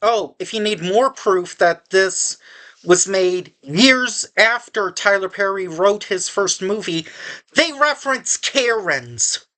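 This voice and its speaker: A woman's voice: mid-range voice, animated, takes it slowly, fairly bright tone. A woman giving a casual spoken movie review, sarcastic and exasperated, rambling with frequent restarts.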